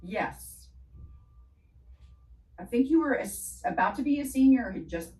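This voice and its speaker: A middle-aged woman with a Southern Louisiana twang, a theater director talking as an interview guest in a measured, explanatory way over a video call. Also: on the high side, expressive, a little mellow. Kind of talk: interview conversation. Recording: roomy, distant from the mic.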